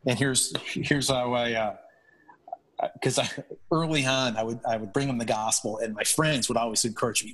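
A hockey chaplain speaks at a moderate pace in a mid-range voice during a podcast interview. His storytelling is earnest and animated, and he often restarts his sentences.

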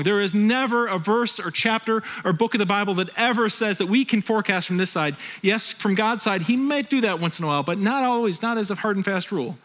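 Bright-voiced, animated male preacher. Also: sits high. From Western New York. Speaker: pastor. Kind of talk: sermon.

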